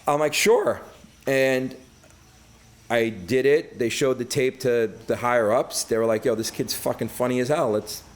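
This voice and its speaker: This Brooklyn, New York native, a middle-aged man, swears freely and stays animated as a podcast guest swapping casual stories and voicing the people he quotes. He speaks at medium pitch and a normal speed.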